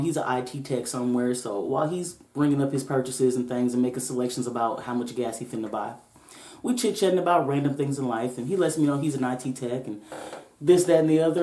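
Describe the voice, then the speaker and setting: A woman's voice: very deep voice, warm tone. A woman hosting a podcast, telling a story in a laid-back, profane way with joking asides, in a roomy-sounding recording. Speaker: podcast host. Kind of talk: casual storytelling. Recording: roomy echo.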